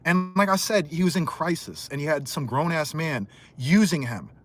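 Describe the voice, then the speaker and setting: A man ranting angrily on a livestream, hurling insults and swinging between loud outbursts and muttered asides. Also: a little high, normal speed. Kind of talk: heated livestream rant.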